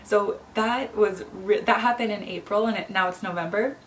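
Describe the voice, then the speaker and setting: Recorded from a distance with slight background noise, a young woman who works as a lifestyle coach talks straight to her viewers at normal speed in a medium-pitched voice. She is emotional and close to tears as she thanks them, calling them sisters and encouraging them in this heartfelt vlog.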